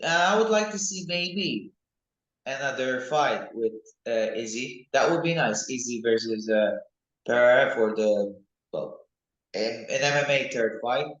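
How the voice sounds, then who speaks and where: A young man, a mixed martial arts fighter, talking casually and excitedly in an interview, rambling from one thought to the next. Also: mid-range voice, unhurried, dull audio. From United Kingdom. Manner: rambling, excitable, animated when recalling fights. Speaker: MMA fighter, interview guest. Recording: echoey room.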